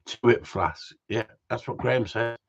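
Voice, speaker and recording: A man's voice: mid-range voice, normal speed, vocal fry, breathy edge. A man hosting a casual live stream about gundogs, bantering, swearing and reading out viewer messages. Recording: dull lo-fi sound.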